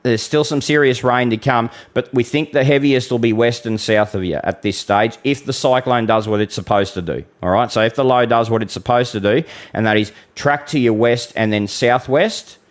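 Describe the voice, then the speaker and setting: This Australian man hosts a live weather stream, speaking at a moderate pace with few pauses in a medium-pitched voice. He's blunt and chatty with viewers, calls them mate, and swears mildly now and then during a casual forecast with audience Q&A.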